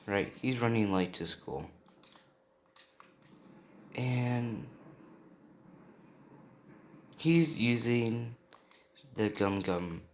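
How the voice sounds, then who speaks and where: A man's voice: medium pitch, expressive, very slow, pauses often, a little hiss or hum. A young man improvising a fan story, rambling with lots of fillers.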